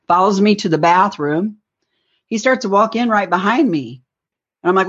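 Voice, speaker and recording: A woman's voice: fairly low pitch, animated, fairly quick, husky. A woman telling a rambling personal story in an interview, acting out the lines she quotes. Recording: dull lo-fi recording.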